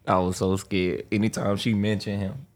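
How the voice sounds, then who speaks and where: A man's voice: fairly low pitch, little pitch movement, normal speed. A man hosting a podcast, bantering and laughing a lot in casual chat. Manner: laughs often, joking banter. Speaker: podcast host.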